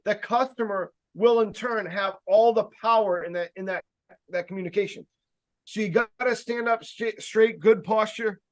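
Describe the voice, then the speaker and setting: A man giving a casual sales training talk, speaking loudly and emphatically, with rambling jokey asides and plenty of fillers. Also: sits high, normal speed. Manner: loud, emphatic, projecting voice.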